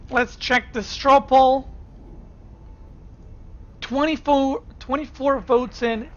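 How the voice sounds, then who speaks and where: A woman with a fairly high voice casts a game match in a relaxed, chatty way. She talks straight to her viewers as a streamer, from a home setup with faint noise behind her. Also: dull audio. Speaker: streamer and caster. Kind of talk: casual esports commentary.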